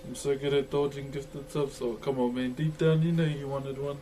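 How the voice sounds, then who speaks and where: A man's voice: medium pitch, little pitch movement, normal speed, over music. A New Zealand man livestreaming as he carves wood, chatting casually with viewers, swearing often and thanking them as brother. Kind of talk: casual chat to stream viewers.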